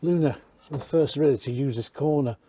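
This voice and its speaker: A man's voice: medium pitch, a little fast, warm tone, slight background noise. A man giving a casual, rambling walk-around tour inside used caravans, chatting and correcting himself as he goes. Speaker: caravan industry reviewer.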